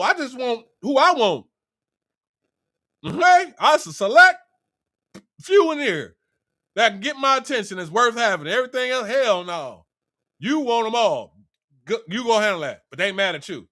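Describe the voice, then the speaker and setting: A man delivering an animated, profane motivational rant in streetwise slang. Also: very high-pitched, moderate pace. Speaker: vlogger.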